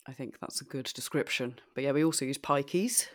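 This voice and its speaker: A woman's voice: a bass voice, fairly quick, dry recording, studio quality. A young woman from southeast England with a southern English accent, co-hosting a casual podcast chat, laughing often and hedging with fillers. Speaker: podcast co-host.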